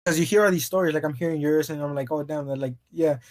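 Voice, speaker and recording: A fast-talking man with a darkish voice on the high side co-hosts a podcast. He rambles through a story in casual conversation, tripping over restarts and laughing a lot.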